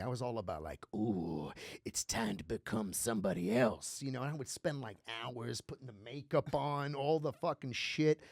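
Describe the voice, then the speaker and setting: A man who grew up around New York, a comedian chatting on a podcast, telling lively stories and slipping into voices. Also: mid-range voice, no echo, clean studio sound. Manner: animated storyteller, slips into voices and laughs. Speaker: comedian guest. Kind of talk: casual podcast chat.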